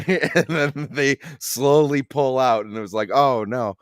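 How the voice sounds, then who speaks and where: A man's voice: mid-range voice, measured pace, clean tone, dry recording, clean studio sound. A man in a casual group movie chat over a call, thoughtfully pointing out film details.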